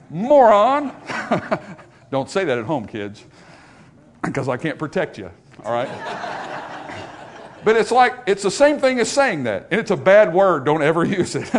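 A man delivering a sermon at a church service, his pitch rising and falling in a lively, sing-song way. His voice sits a little high for a man. He preaches with animation and drops in playful asides. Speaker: pastor.

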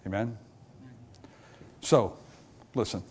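A man preaches revival to a church congregation slowly, his voice carrying a breathy edge. He swings from loud, rising passages to hushed, low ones and acts out little exchanges between characters.

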